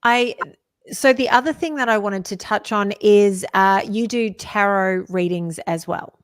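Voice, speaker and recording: A woman's voice: medium pitch, measured pace, clean tone. A woman hosting an interview, asking her guest curious questions one after another. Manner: curious, asks several questions at once. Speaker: host.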